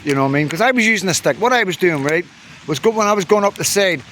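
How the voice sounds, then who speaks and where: A man's voice: high-pitched, expressive, fast, bright, forceful tone, slight background noise. A man telling a rambling, swearing story to his viewers and laughing along as he goes. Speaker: vlogger. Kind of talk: casual storytelling to camera.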